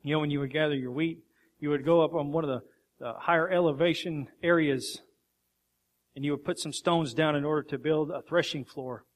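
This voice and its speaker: A man's voice: on the high side, fairly even intonation, brisk. A man preaching a sermon with emphatic rhetorical questions.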